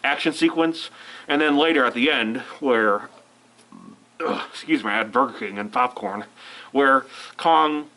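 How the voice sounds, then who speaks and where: A man's voice: on the high side, animated, measured pace, gravelly, pauses often, sharp tone, poor audio. Rambling man reviewing a film, with a cold. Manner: rambling, self-interrupting. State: fighting a cold. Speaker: movie reviewer.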